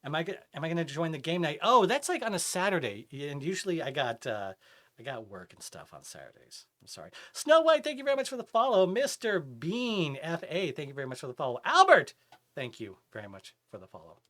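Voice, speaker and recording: Animated man chatting on a live stream. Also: fairly high pitch, quick pace. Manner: animated, chatty, reads chat aloud. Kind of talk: casual live-stream chat while gaming.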